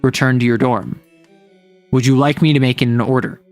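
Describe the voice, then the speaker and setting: A man's voice: medium pitch, steady tone, normal speed, no echo, faint music behind, lightly acted. A man voicing a stern male handler who talks down to his trainees in a curt, commanding way.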